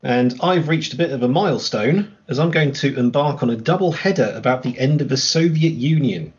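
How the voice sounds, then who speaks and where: Measured male podcast co-host, muffled. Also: mid-range voice, a little mellow. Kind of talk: scripted podcast introduction.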